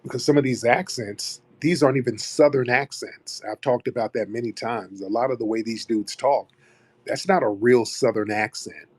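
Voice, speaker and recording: A man hosting a live audio chat room, talking at length in an emphatic way, repeating key phrases and slowing down to stress names and points. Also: medium pitch, a little mellow, slightly rough.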